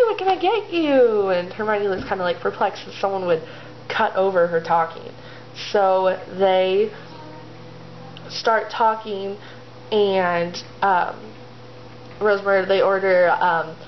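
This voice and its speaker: A chatty woman rambles through a story in a loose, easygoing way, filling her sentences with little fillers. Her pitch sits in a middle range. The audio is a bit dull and lo-fi, with a faint hiss underneath. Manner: chatty, rambling, full of "like" and "you know". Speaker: vlogger. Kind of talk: casual storytelling, retelling fan fiction. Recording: slightly dull lo-fi home video audio.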